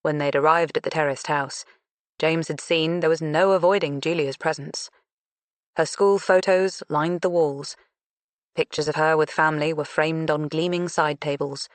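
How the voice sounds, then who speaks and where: A woman narrating an audiobook in a measured, unhurried reading. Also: low voice, fairly even intonation, no echo. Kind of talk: scripted narration.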